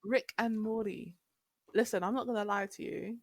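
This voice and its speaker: A young woman, a podcast guest telling stories in casual chat, animated and teasing. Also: mid-range voice, normal speed, no echo, clean studio sound. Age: young adult. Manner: animated storyteller, teasing, acts out quotes, laughs often.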